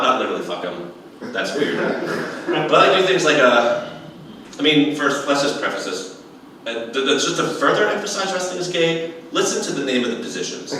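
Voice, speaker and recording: A young man on a comedy club stage delivers a stand-up set, telling stories with lots of energy and acting out other people's voices. His voice is mid-range and sits far from the mic, picked up in an echoey room with slight background noise.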